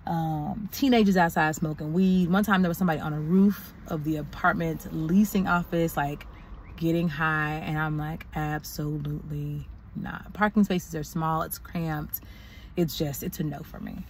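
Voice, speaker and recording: A woman's voice: deep voice, steady tone, normal speed, slight background noise. A young woman vlogging and telling a story in a casual, exasperated way, venting with slang. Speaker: doctoral student vlogger.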